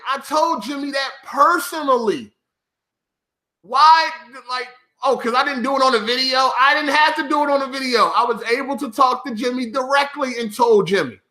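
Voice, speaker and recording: A man's voice: extremely high pitch, pushed and bright, roomy sound. A man ranting to his viewers as a gaming YouTuber, profane and mocking, often breaking into laughter.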